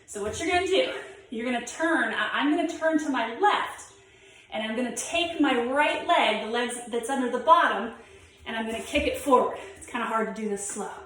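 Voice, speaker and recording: High-voiced woman coaching a home workout. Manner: encouraging, demonstrating while talking. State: out of breath. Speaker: fitness instructor. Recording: very echoey room, mic from far off.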